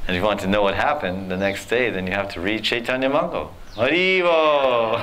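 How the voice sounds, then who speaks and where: A man telling devotional stories in a sermon, animated, acting out characters and laughing often. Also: medium pitch, a little hiss or hum. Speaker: spiritual teacher. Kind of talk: storytelling sermon.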